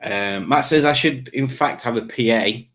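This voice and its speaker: A man's voice: mid-range voice, a little slow, fairly bright tone. Rambling man on a stream. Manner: rambling, playful, breaks into silly put-on voices. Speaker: live stream host. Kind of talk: casual live stream chat.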